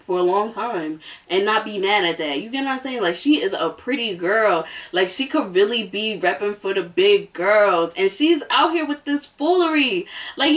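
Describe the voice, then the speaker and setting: A woman's voice: medium pitch, fairly bright tone, far from the mic. A woman hosting a casual reality-show review, sassy and emphatic, hammering her points home by repeating them. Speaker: host.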